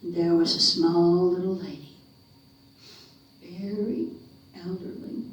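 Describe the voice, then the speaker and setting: A woman from North Carolina telling a ghost story dramatically, slowing and dropping to a whisper for suspense, in a living room of a retirement community. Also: lowish voice, fairly even intonation, slight background noise. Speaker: folk storyteller. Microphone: room camera mic at a distance. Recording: echoey room, mic far off.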